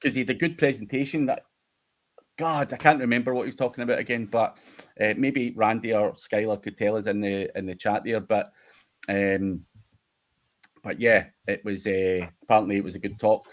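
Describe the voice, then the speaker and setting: A man's voice: lowish voice, fairly even intonation, moderate pace. Scottish male host, laughing storyteller who swears a lot, chatty livestream delivery. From United Kingdom. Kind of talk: casual livestream chat.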